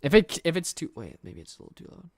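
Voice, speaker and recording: A man's voice: a little high, wildly swooping pitch, quick pace, a little mellow, no room sound, studio quality. A man in his twenties chatting casually on a livestream, reading viewer comments in a rambling, easygoing way and laughing at himself. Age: 20s. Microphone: desk microphone and headset.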